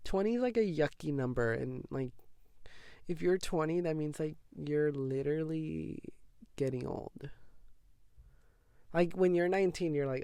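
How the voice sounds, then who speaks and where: A man's voice: fairly high pitch, measured pace, pauses often, dark tone, clear, resonant tone, no room sound, studio quality. A nineteen-year-old man hosting a podcast, chatting casually in a gossipy, dramatic way with lots of "like". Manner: gossipy and dramatic, heavy use of "like". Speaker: podcast host. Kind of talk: casual chat.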